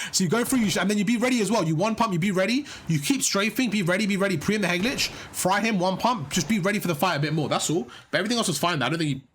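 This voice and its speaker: A man's voice: sits high, fast talker, hardly any pauses, a bit bright, slight background noise. A man coaching a player through gameplay, encouraging and explaining things step by step, often repeating himself. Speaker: gaming coach. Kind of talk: live coaching over gameplay.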